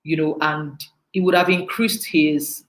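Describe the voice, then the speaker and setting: A Nigerian woman giving a storytelling talk on emotional intelligence, animated and laughing often. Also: deep voice, measured pace, reverberant, rough recording.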